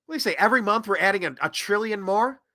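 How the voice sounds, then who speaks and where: A man hosting a political commentary show, ranting in an animated way that swings between loud and soft. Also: sits high, fast talker, no echo, clean studio sound. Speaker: host.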